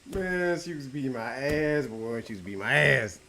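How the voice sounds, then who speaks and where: A middle-aged man telling a story from his own life in a casual, profane way, jumping between loud outbursts and low mutters at home. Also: lively intonation, normal speed, slight background noise. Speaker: YouTube storyteller.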